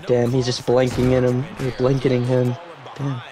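A young man giving live commentary on his own football video game, cheering loudly on big plays and grumbling when things go wrong. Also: mid-range voice, completely flat delivery, normal speed, a crowd in the background. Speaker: gaming YouTuber.

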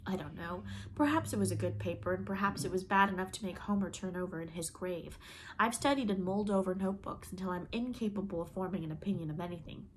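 A woman's voice: lowish voice, fast, a little hiss or hum, lightly acted. A woman reading the part of a playful, dramatic young college woman who complains theatrically.

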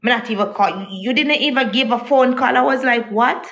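A woman's voice: on the high side, a little fast, a bit bright. A young woman, telling her viewers a heated, indignant story about a partner, repeating herself as she vents. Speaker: vlogger. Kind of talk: emotional storytime rant to viewers.

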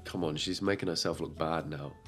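A man's voice: a bass voice, steady tone, a little fast, a bit bright, faint music behind. A young man hosting a reaction video, making sarcastic jokes and laughing often. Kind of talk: casual commentary.

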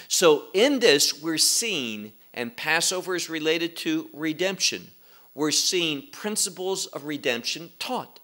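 A middle-aged man giving a deliberate verse-by-verse Bible teaching, pausing on words and asking his listeners rhetorical questions. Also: fairly high pitch, bright, forceful tone.

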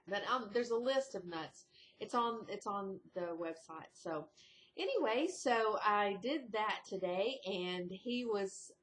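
A woman vlogger chatting casually at home in a rambling video diary, breaking into high, excited exclamations. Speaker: diet vlogger. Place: indoors at home.

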